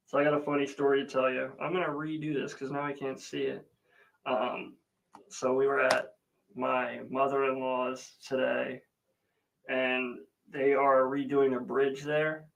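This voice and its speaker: A man's voice: mid-range voice, little pitch movement, measured pace, creaky, pauses often, highs cut off. A man hosting a casual livestream who rambles through a family story and greets viewers by name. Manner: rambling, chatty storytelling with many fillers. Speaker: livestream host. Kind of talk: casual live chat.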